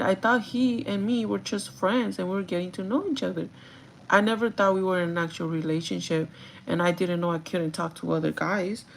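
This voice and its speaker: A woman's voice: lowish voice, vocal fry, a little hiss or hum, poor audio. A young woman livestreaming a casual get-ready-with-me chat, confiding in viewers, with lots of "like" fillers and some Spanish words mixed in. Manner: chatty, confiding, many "like" fillers.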